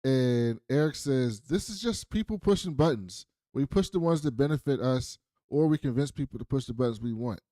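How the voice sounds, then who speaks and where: A man's voice: medium pitch, moderate pace, hardly any pauses, no echo, clean studio sound. A man co-hosting a casual TV recap podcast, retelling scenes and acting out the characters' lines. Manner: animated storytelling, acts out characters' lines. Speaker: podcast co-host.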